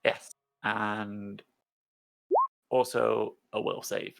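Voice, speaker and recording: A man's voice: fairly low pitch, level tone, very slow, gravelly. A man playing in a tabletop game, casually describing his character's actions with plenty of fillers. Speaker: player.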